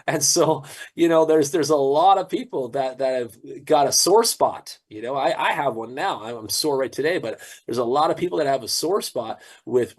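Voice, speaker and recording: A man's voice: on the high side, vocal fry. Man, crypto promoter, casual pep talk, preachy, stutters on repeats. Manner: animated, preachy, repeats words.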